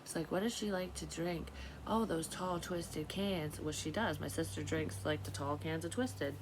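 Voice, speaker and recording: Low-voiced profane woman vlogger. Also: normal speed, noisy background. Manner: profane, scattered, talks to herself, drops into whispers. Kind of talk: rambling psychic vlog monologue.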